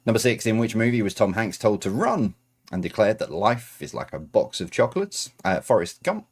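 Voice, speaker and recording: A man's voice: fairly low pitch, big pitch swings, normal speed, slightly rough. A man reading out quiz answers as host, adding chatty, self-correcting asides.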